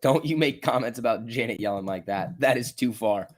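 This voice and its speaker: A man's voice: medium pitch, a little fast. Casual man streaming live stock trades. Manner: casual, swings from mutters to excited outbursts. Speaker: stock trading livestream host. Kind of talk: live trading commentary reading chat.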